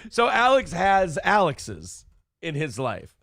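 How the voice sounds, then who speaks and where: Gravelly profane morning show host. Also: male voice, on the high side, takes it slowly, dry recording, clean studio sound. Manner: profane, animated, mimics others in loud bursts. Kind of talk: casual podcast commentary.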